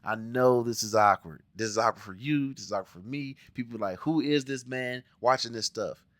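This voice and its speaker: A man's voice: medium pitch, a little fast, a bit bright, dry recording, clean studio sound. A man from the Cincinnati area with an American accent, ranting bluntly and with plenty of profanity in a casual show review, putting on mock voices. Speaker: TV review vlogger.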